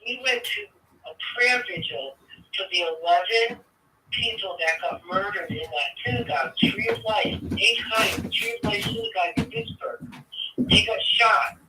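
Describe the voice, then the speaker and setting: A woman's voice: mid-range voice, normal speed. A woman chatting as a guest, telling a long rambling story. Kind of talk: casual chat. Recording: echoey room, distant mic, faint noise.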